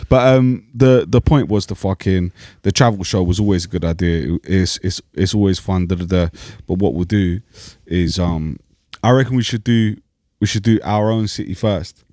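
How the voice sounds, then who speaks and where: A man co-hosts a podcast in loose, halting talk, restarting his sentences and swearing casually. His voice is low. The recording is dry and close to the mic. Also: mellow, dry recording. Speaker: podcast co-host. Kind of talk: casual chat.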